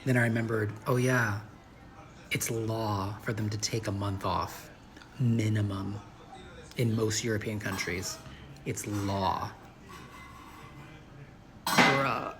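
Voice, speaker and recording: Low-voiced man, casual, noisy backdrop. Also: fairly even intonation, slow pace, pauses often. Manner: incredulous, casual. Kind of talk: social media commentary. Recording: noisy ambience behind.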